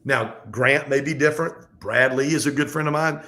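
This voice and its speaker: A man speaking as a guest in a casual podcast conversation, talking in an animated, fast, motivational way. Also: mid-range voice. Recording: echoey room.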